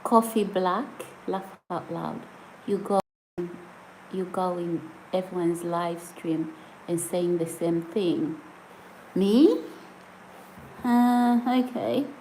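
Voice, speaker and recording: A woman chatting on a live stream from home, reading out viewer comments and laughing easily. She talks at an unhurried, drawn-out pace. A faint background hiss sits under her voice. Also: fairly low pitch, dark tone, rough recording. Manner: giggly, chatty, often breaks into laughter. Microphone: phone or camera set on a surface.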